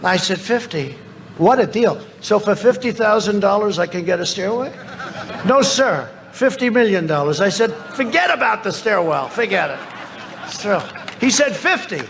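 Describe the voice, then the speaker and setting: Speaking into a podium microphone at a large rally venue, a politician tells a crowd boastful, repetitive stories. His voice is high-pitched and fairly bright with vocal fry, and there's slight background noise.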